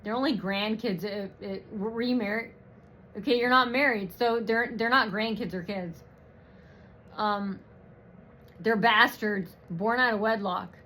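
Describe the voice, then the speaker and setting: Slow, bright-voiced woman ranting. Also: medium pitch, steady tone, slight background noise. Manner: profane, mocking, rambling with many fillers. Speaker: vlogger. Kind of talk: rambling personal rant.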